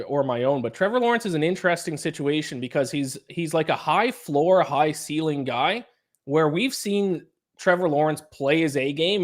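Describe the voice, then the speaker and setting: A young man co-hosting a sports podcast, breaking down games in long, analytical explanations. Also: a little high. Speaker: podcast co-host. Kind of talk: casual sports podcast chat.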